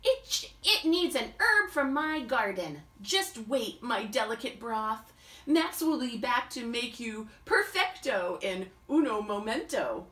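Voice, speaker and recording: A woman doing an excitable storybook chef with a bright, bouncy voice that swoops up when he gets excited. He is dramatic and fussy over his soup, dropping in mock-Italian phrases. The sound is roomy and distant. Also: a little high, slow, heavily acted.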